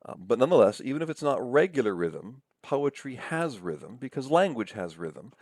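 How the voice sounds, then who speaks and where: A deep-voiced man with a gravelly edge explains things slowly and patiently, pausing to check in with his listeners. His delivery has the measured pace of a professor's recorded lecture, and he stretches out words to sound them out. The recording is close and dry. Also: a little mellow, no room sound. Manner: patient, repeats words and checks in with "right?" and "okay?"; slows down to sound out syllables.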